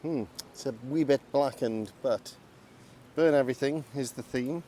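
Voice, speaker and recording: A mellow, mid-range male voice at an ordinary pace carries this casual outdoor cooking vlog, set among the trees. He's chatty and makes fun of himself while explaining each step, over a light hiss or hum.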